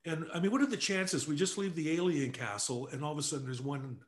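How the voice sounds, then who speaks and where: An older man from Canada, a guest telling anecdotes casually, animated and quick to laugh. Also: a little high. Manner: animated storyteller who acts out quotes, laughs often. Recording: echoey room.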